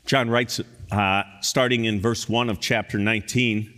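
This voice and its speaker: A man preaching with a fairly low voice that climbs high and loud when he presses a point. His words ring out with the long reverb of a large hall. He reads scripture aloud and comments on it like a pastor. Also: fairly even intonation, measured pace. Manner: impassioned, rising to loud emphatic peaks. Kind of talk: sermon.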